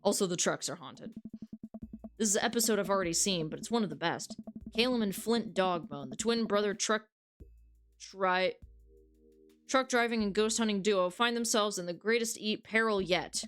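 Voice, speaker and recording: A woman reads a dating game aloud and riffs with her chat in a loose, frank way, swearing freely and restarting her sentences. Her pitch sits mid-range for a woman, with faint game music behind her. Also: normal speed, a bit bright. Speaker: game streamer. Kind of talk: reading a dating game aloud and chatting with viewers.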